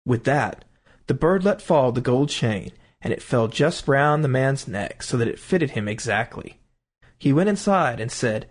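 A man reading a fairy tale aloud as storyteller, in an expressive, melodic way. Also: mid-range voice, unhurried, slightly rough.

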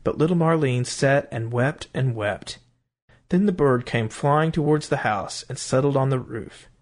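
A man reading a fairy tale aloud as storyteller, in an expressive, melodic way. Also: mid-range voice, a little slow.

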